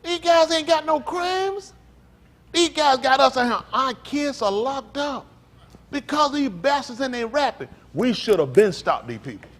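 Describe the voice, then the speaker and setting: A man speaking as a pastor in an emphatic, preacherly talk, often building up to loud outbursts. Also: very high voice.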